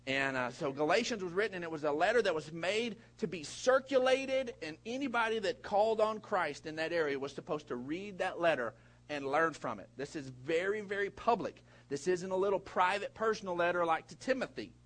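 Animated folksy male preacher. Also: fairly quick. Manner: animated preaching with big swings in pitch and loudness; folksy, repeats words and restarts. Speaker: pastor. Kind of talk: sermon.

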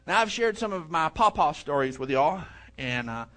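Man, middle-aged pastor, high voice, chatty storytelling sermon. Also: lively intonation, normal speed, fairly bright tone. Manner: conversational preaching with storytelling asides.

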